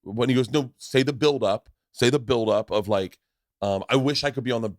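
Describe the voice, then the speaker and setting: A man in his forties hosts a podcast in easy, casual conversation, telling rambling stories full of acted-out voices and swearing. His voice sits at an ordinary middle pitch. The studio sound is dry and close. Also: brisk, no echo. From Tampa, Florida. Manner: animated storyteller, acts out voices and swears freely. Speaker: podcast host.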